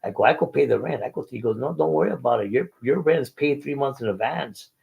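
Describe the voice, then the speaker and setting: A man's voice: medium pitch, animated, fast talker, vocal fry, slightly rough, narrow, tinny audio. An older man, telling a faith testimony in an interview and acting out the dialogue earnestly. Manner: earnest storytelling, acts out dialogue. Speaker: guest.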